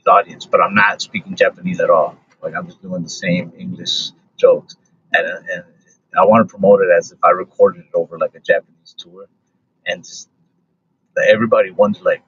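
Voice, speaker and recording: A man in casual podcast chat, talking in a laid-back, monotone way with lots of fillers. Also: low-pitched, a little fast, husky. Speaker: comedian, podcast guest. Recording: dull lo-fi recording.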